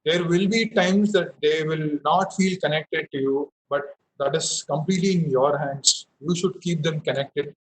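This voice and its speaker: A man's voice: on the high side, fairly even intonation, a little slow, slight background noise, low-quality recording. A young man from India teaching a public speaking session over a headset, explaining with frequent fillers and restarts. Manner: explanatory, many fillers and restarts, demonstrates emphasis. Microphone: headphones with mic.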